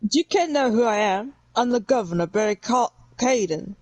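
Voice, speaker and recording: A woman voicing a gruff middle-aged male prison governor with a put-on Scottish accent, reading game dialogue aloud slowly. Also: on the high side, animated, a little mellow, dry recording, poor audio. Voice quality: slow, slurring delivery.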